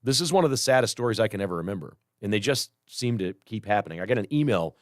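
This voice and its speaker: A man hosting a talk radio show, speaking in an earnest, conversational monologue that turns animated when he gets worked up. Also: lowish voice, quick pace, no room sound, studio quality.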